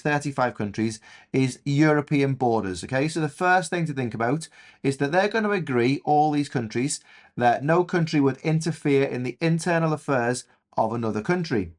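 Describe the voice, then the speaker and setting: A man's voice: medium pitch, animated, normal speed. Enthusiastic English male history teacher. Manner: enthusiastic, chatty, many fillers. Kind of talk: recorded revision lesson.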